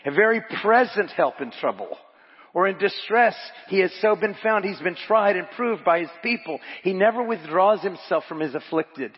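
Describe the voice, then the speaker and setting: A man's voice: high voice, expressive, normal speed, slightly rough, in a large hall, highs cut off. A man pastor preaching a sermon, reading scripture and quotes aloud and repeating phrases for emphasis. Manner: asks the congregation to repeat lines. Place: church.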